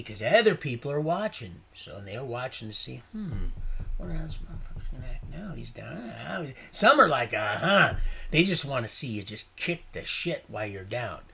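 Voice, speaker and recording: A man in casual livestream talk, meandering and folksy, with a voice of ordinary pitch. He mixes faith talk with rough swearing and jumps from near-whispers to loud bursts. A faint hiss of noise sits behind him. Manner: swings from quiet asides to sudden loud outbursts. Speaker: livestream host.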